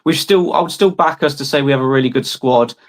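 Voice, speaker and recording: Footy podcast guy calmly making his point, mid voice. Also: medium pitch, fast talker. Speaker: Arsenal fan panelist. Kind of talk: football podcast debate.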